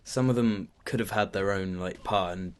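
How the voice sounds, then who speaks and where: A man's voice: low-pitched, fairly even intonation, normal speed. A man co-hosting a casual game review, mostly short remarks and agreement.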